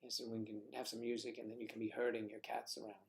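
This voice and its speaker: A man's voice: medium pitch, completely flat delivery, quick pace, gravelly. A man hosting a casual livestream, chatting with viewers and making playful puns, sometimes dropping into a whisper. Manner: playful, punning, drops into whispers. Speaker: livestream host. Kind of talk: casual chat reading viewer comments.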